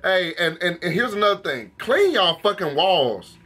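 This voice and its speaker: A man hosting a reaction video, commenting on a cartoon with animated, profane slang. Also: high voice, normal speed, husky.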